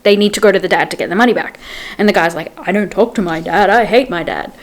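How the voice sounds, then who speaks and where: A woman's voice: fairly low pitch, fast. A young adult woman vlogging casual book-review chat, retelling scenes in quotes and saying "like" often.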